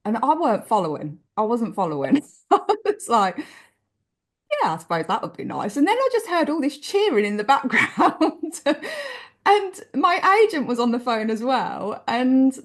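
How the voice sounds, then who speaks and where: An English woman with a fairly high-pitched voice, talking through her memories in a loose, chatty way. Expressive and quick to restart her sentences, a guest in a relaxed interview. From England. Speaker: author guest. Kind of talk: casual interview storytelling.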